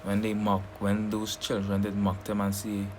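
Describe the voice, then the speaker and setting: A man teaching a scripture lesson who keeps checking in with "right?" and reads verses slowly and deliberately. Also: fairly low pitch, completely flat delivery, a little hiss or hum. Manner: keeps asking "right?" between points. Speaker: preacher.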